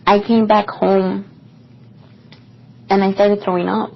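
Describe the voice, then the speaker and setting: A woman's voice: medium pitch, measured pace, pauses often, husky. A young woman co-hosting a podcast, telling a personal story in a casual, rambling way with lots of fillers. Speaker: podcast co-host. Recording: dull lo-fi podcast recording.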